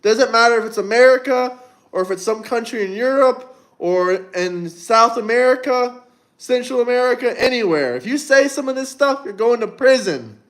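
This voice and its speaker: A young livestream host speaks at a moderate pace in a very high, animated voice. He reads viewer comments aloud and fires back blunt answers, rambling and cursing throughout.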